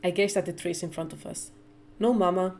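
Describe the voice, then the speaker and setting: A woman reading a novel aloud live, with measured storytelling narration. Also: fairly low pitch, fairly even intonation, vocal fry, a little mellow. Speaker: reader.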